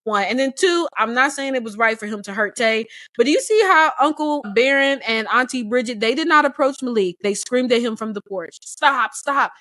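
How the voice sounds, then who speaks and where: A woman co-hosting a casual book club discussion, animated and opinionated, acting out the characters' lines as she talks. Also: a little high, moderate pace, few pauses, no room sound, studio quality.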